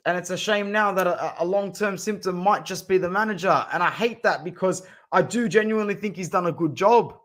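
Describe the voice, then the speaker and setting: A young Australian man from Southwest Sydney, ranting in casual live-stream chat as a football fan streamer, swearing and saying bro. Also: high voice. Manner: animated, swearing, ranting, calls viewers bro.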